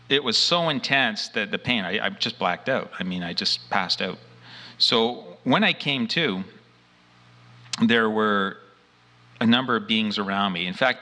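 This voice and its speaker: A man who says he was abducted gives an earnest, emphatic first-person account of a frightening experience, acting out his own lines from the time. His voice is lowish, pushed and bright.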